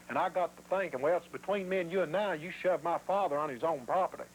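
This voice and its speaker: A man's voice: on the high side, quick pace, a little hiss or hum, rough recording. Man retelling a violent night. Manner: vivid retelling, acting out quoted voices. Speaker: interviewee. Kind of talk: documentary interview storytelling.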